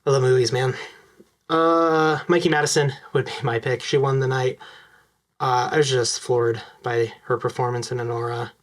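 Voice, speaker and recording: An enthusiastic young man talking straight to his viewers about films he loves. He rushes through his words, breaking them up with frequent ums and uhs, and his voice sits at an ordinary middle pitch. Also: fairly even intonation. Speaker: vlogger. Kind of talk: casual film commentary to camera.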